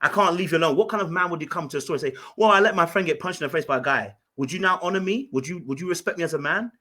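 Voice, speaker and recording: A man's voice: a little high, rapid-fire, bright, forceful tone. A man hosting a podcast, telling a story in an emphatic, casual way and often restarting and repeating his words. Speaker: podcast host.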